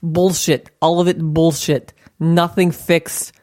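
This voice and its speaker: A woman's voice: lowish voice, little pitch movement, takes it slowly, a little mellow, no room sound, clean studio sound. A woman voicing a cynical Russian person in a put-on Russian accent, blunt and swearing, with broken grammar. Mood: grumbling.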